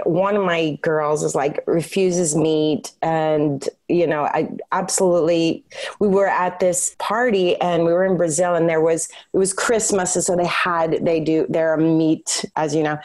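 Woman podcast guest, slightly low voice, earnest, repeats words for emphasis. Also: a little mellow. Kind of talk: casual podcast conversation.

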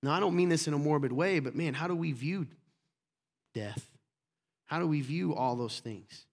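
A man preaching a sermon in a notably high voice. He talks to his congregation like a friend, asking rhetorical questions and dropping little jokes between points. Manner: conversational, rhetorical questions, joking asides to the congregation. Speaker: pastor. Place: church room with congregation.

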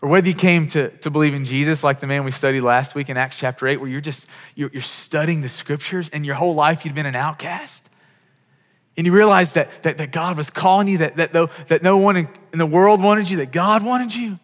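A man's voice: fairly high pitch, brisk, in a large hall. A man preaching a sermon as a pastor, telling stories with quoted dialogue and frequent restarts.

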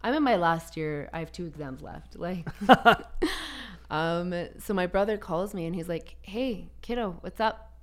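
Animated woman telling a story. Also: on the low side, measured pace. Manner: animated storytelling, laughs often. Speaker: guest. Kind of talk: casual conversation.

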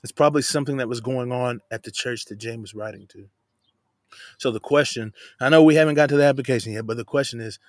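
A man's voice: mid-range voice, fast talker, no room sound, clean studio sound. A man giving a casual, conversational verse-by-verse Bible teaching, emphatic at points and dropping slangy asides.

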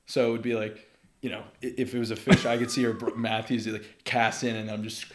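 A man in his thirties, a podcast guest telling stories in casual conversation, lively and laughing often. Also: lowish voice, a little fast, noisy background.

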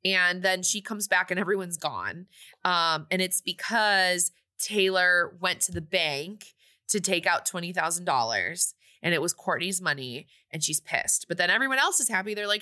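A woman co-hosting a podcast, casually recapping a movie plot in a chatty, animated way with quoted asides. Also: lowish voice, moderate pace. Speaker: podcast co-host.

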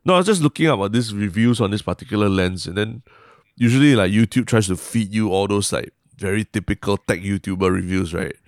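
Singaporean dude on a podcast, really low voice, dry close mic, rambly casual talk with lots of lah. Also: male voice, brisk, no echo. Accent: Singaporean English. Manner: rambling, self-interrupting, frequent "lah" and "like". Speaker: podcast co-host.

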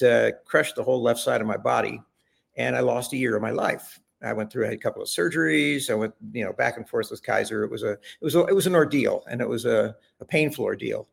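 A man's voice: medium pitch, creaky, slightly rough. An older man, a former chef, telling long rambling stories as a podcast guest, with frequent restarts. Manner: rambling anecdotes with many restarts. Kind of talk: conversational storytelling.

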